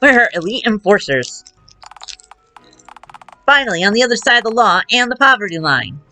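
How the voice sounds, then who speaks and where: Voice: mid-range voice, animated, moderate pace, pushed and bright, faint music behind. A streamer voicing a pair of dimwitted small-time crooks with a slangy tough-guy drawl, reading game dialogue live. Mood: scheming.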